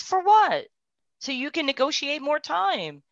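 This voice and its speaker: A woman tells her story in a heartfelt personal testimony. Her voice drops to a hush, then lifts into quick, animated bursts. The sound is dry and a little muffled, as on a lo-fi recording. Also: high voice, no echo. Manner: heartfelt, swings from hushed to animated. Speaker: guest sharing a personal story.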